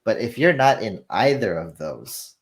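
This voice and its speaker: Low-voiced man telling lively anecdotes. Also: unhurried. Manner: animated storytelling, acts out dialogue. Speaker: film industry guest. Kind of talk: casual conversational explanation.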